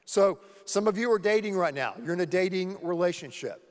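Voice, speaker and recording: A man's voice: sits high, expressive, brisk. A man preaching a sermon to his church as pastor, earnestly repeating key words for emphasis. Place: church sanctuary. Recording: long hall reverb.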